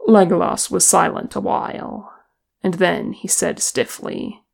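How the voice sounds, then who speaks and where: Slow, gravelly fan audiobook narrator, steady storytelling. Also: medium pitch. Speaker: audiobook reader.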